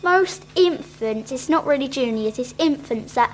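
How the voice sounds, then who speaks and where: Schoolgirl presenter, English accent, high voice, bossy and chatty, faint hiss behind. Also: lively intonation, a little slow. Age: child. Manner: chatty, bossy, leads the talk. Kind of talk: casual chat.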